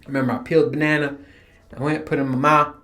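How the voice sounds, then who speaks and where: Laughing, profane podcast host, slightly high voice. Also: male voice, flat delivery, very fast, bright, forceful tone. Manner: profane, storytelling, laughing often. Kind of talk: casual rambling monologue.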